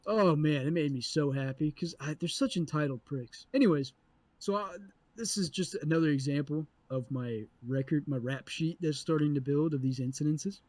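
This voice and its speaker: Casting note: male podcast co-host, a bit high-voiced, cusses freely, tells stories with animated energy. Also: normal speed, no echo. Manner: animated, profane, acts out people in the story. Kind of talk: casual storytelling chat.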